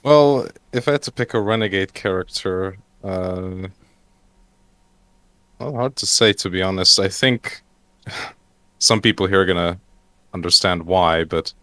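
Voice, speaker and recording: A man's voice: deep voice, a little slow, long pauses, pushed and bright, no echo. A man chatting casually on an online roundtable, hesitating often with fillers and restarts. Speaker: roundtable panelist.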